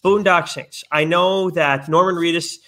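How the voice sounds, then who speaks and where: A man co-hosting a podcast, eager and blunt, reacting quickly in casual chat. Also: a little high, steady tone, a bit bright. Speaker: podcast co-host.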